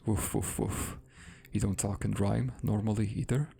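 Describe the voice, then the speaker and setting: A man voicing an old hound in a storybook, barking out short rhymed lines in a low, gravelly voice. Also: steady tone, normal speed, dark tone. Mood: matter-of-fact. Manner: barking, rhyming storybook speech. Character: old male hound with keen nose.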